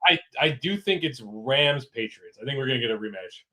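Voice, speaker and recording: A man's voice: mid-range voice, lively intonation, fairly quick, sharp tone. Man, casual chat, laid-back, fumbles and restarts. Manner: hesitant, laid-back, filler-heavy. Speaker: co-host. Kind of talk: casual live show chat.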